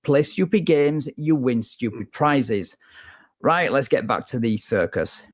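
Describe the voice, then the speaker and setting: A man's voice: mid-range voice, expressive, measured pace. A man narrating a video in a scripted, sarcastic and scornful way.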